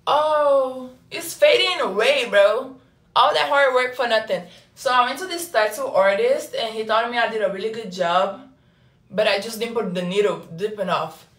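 A young woman from Brazil with a Brazilian Portuguese accent, telling loose, slangy stories in a casual livestream and reading the chat, swinging between loud bursts and low murmurs. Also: moderate pace, distant mic. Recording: echoey room with faint music.

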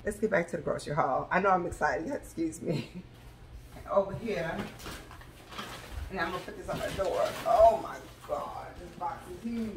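A woman vlogger, chatting excitedly to her viewers from her home kitchen. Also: on the low side, moderate pace, background noise. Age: adult with school-age children. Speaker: vlogger sharing a grocery haul. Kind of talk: casual chat to camera.

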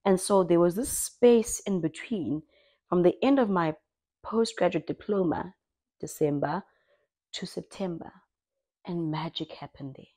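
A young South African woman telling her own story in an expressive, lively way, as a personal vlog. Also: lowish voice, unhurried. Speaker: vlogger.

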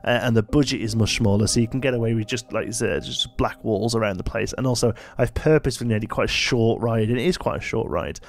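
A man's voice: mid-range voice, fast, hardly any pauses. Tired, rambling man. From United Kingdom. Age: adult, married. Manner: rambling and chatty, many fillers and asides. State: tired, yawning late at night. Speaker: let's play host. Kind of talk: casual gameplay commentary.

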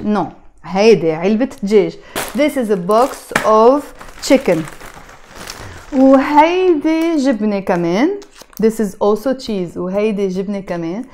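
A young woman with a Lebanese accent gives a patient language lesson, repeating words slowly and then at normal speed. Her voice is mellow and soft-edged, and her pitch sits in a middle range. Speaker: Arabic teacher. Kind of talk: explaining Lebanese Arabic words from a shopping bag.

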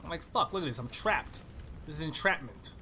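A man's voice: a little high, animated, fairly quick, sharp tone, slight background noise. A man giving profane, trash-talking live commentary over a shooter game he is playing. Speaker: gaming channel host.

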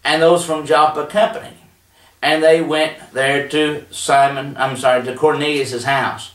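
A man teaches a Bible study in a homespun, conversational way, stumbling over fillers and restarts as he goes. His voice sits a touch higher than most men's. He sounds slightly off-mic, and the room echoes around him. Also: flat delivery, moderate pace. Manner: folksy, plainspoken, with frequent fillers and restarts. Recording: roomy echo, voice a bit distant from the mic.

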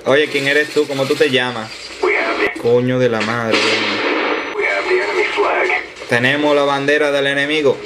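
A man's voice: medium pitch, steady tone, moderate pace, long pauses, pitched below the performer's own voice, natural voice. A man voicing a crude, hot-headed male gamer who curses his teammates in a put-on Latin American Spanish. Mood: threatening, cursing. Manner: cursing, insulting teammates in Spanish slang.

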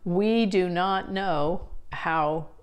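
Chatty woman teaching, slightly low voice. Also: drawn-out words, clear, resonant tone. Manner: chatty, many fillers and restarts. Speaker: Bible study teacher. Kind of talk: casual teaching talk.

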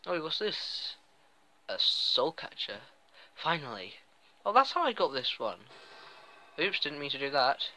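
A man's voice: on the high side, sing-song, a little slow, bright, forceful tone, poor audio. A man giving casual let's-play commentary, chatty and self-mocking as he rambles. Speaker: gameplay commentator.

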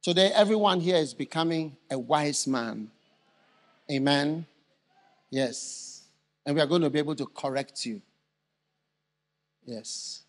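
An older man preaching a live sermon in a large church, asking the congregation questions for them to answer and bursting into shouted emphasis. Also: on the high side, unhurried, long pauses. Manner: call-and-response questions to the congregation. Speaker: bishop preaching.

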